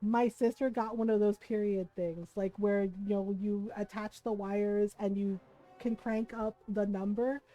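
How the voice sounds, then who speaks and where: A woman in her forties, a streamer, telling a family story in casual chat, animated and laughing, acting out what her relatives said. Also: mid-range voice, unhurried, dry recording, soft background music, poor audio.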